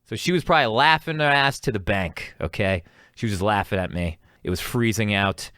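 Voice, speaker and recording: A man's voice: on the low side, a little fast, sharp tone, clear, resonant tone, no room sound, studio quality. A young man hosting an advice podcast, telling a rambling, self-mocking story and acting out both sides of an argument. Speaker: podcast host. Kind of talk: casual storytelling monologue.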